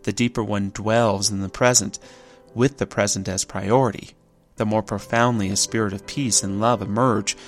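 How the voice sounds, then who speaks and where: A man's voice: fairly low pitch, steady tone, moderate pace, faint music behind. A man giving a reflective spoken essay, thoughtful and contemplative, who often poses rhetorical questions.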